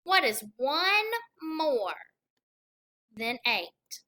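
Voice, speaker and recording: A woman teaching a kindergarten lesson, counting aloud slowly and encouraging young children. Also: sits high, very animated, sharp tone, low-quality recording. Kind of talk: recorded classroom lesson.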